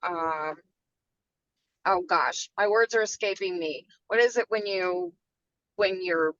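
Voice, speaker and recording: Older lady talking real slow on a call, kinda low voice, dull dry sound. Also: a bit bright, dry recording. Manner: hesitant, searching for words. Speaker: workshop participant. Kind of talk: casual video call sharing.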